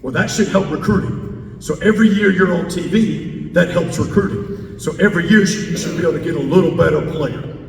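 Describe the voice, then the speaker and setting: A man, a head football coach speaking to a club and taking audience questions, stressing points by repeating words. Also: brisk. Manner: emphatic, repeats key words. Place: large meeting hall indoors. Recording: roomy hall, distant mic, faint rumble.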